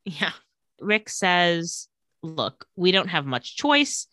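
A podcast co-host with a fairly low-pitched voice chats casually while retelling a TV episode, vividly acting out characters' dialogue in quick voices. The recording is dry and studio-clean.

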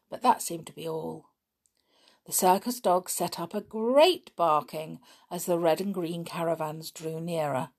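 A woman reading a children's book aloud in a lively way, giving the characters voices. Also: on the low side, slightly rough. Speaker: storybook reader.

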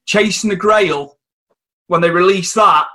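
A man hosting a casual chat podcast, with a high voice for a man. His tone is bright and sharp. He chats in a relaxed way and swaps memories as a fan. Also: a little slow. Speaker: podcast host.

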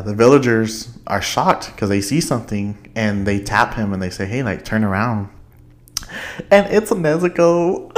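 Young male podcast host, casual and chatty, low-pitched, quick to laugh, lots of fillers. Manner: excitable, laughs often, rambling with many fillers. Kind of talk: casual chat.

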